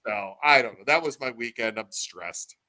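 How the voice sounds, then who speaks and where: A man's voice: medium pitch, moderate pace, a little hiss or hum, poor audio. A man co-hosting a podcast, telling a story in casual chat and acting out what people said. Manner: animated storytelling, acts out quotes. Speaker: podcast co-host.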